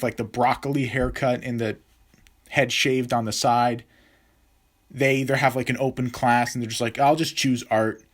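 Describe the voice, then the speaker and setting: A young adult man telling a story from his school days in a casual, rambling way, full of fillers and restarts. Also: medium pitch.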